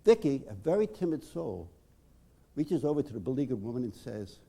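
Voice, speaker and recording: A male psychotherapist lecturing on group therapy in a measured, emphatic way with dramatic pauses. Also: mid-range voice, big pitch swings, vocal fry, mellow, husky.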